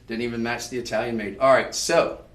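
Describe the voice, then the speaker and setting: Male shopping host, salesy and chatty, mid pitch, echoey studio, mic at a distance. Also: steady tone, brisk, a bit bright. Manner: upbeat, chatty, salesy, addresses viewers as ladies and folks. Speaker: shopping channel jewelry host.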